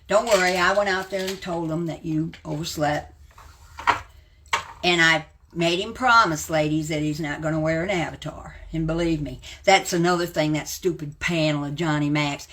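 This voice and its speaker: Ranting woman in her seventies, bright voice. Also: low-pitched, a little hiss or hum. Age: 70s. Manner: blunt, combative ranting and name-calling. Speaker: live-stream host. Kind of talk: ranting live stream.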